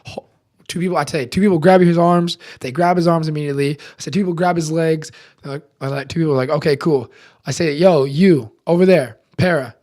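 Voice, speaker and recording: A young man casually telling a personal story in slangy speech full of fillers, swinging between loud excitement and hushed tones. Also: fairly high pitch, fast talker. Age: young adult. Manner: animated, slangy, many fillers. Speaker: podcast contributor.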